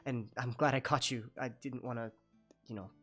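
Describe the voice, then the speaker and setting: A man's voice: medium pitch, steady tone, moderate pace, a bit bright, soft background music, natural voice. A man voicing a shy, hummingbird-like female creature who stammers nervously.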